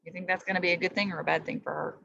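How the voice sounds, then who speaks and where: A woman's voice: on the low side, very fast, vocal fry, muffled recording. A woman teacher reading a story aloud to children, stopping to ask them questions. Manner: lively, asks the listener questions.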